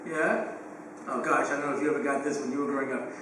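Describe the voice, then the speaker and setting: A man in his fifties, a rabbi lecturing parents, animated and joking, with quick asides, recorded from a distance in a large hall. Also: medium pitch. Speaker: rabbi and speaker on education. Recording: echoey hall, distant mic, faint hum.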